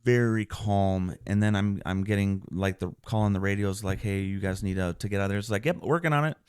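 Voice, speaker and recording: A man, a military veteran, recounting his deployment in an earnest podcast interview, often clearing his throat and restarting sentences. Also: low-pitched, level tone, fairly quick, a little mellow, no echo.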